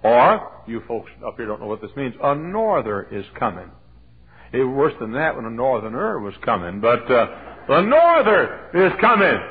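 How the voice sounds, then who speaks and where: A middle-aged preacher delivers a folksy sermon, his voice leaping up and down in pitch as he swings between hushed storytelling and loud, emphatic swells. His tone is a little husky, and the recording is narrow and tinny, like an old sermon tape heard over a phone line. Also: lively intonation, moderate pace. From Texas. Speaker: pastor. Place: church sanctuary.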